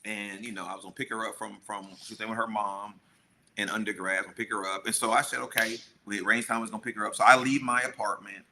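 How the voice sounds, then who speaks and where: A man's voice: on the low side, steady tone, fast, bright, forceful tone, slight background noise. A middle-aged man co-hosting a podcast, telling a story in casual chat and acting out the people he quotes. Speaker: podcast co-host.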